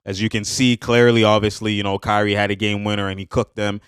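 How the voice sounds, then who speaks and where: A man reacting to basketball highlights in a hyped, slangy way, laughing often and repeating catchphrases. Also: completely flat delivery, quick pace, few pauses, a bit bright, clean tone, no room sound, studio quality. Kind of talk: excited casual highlight reaction.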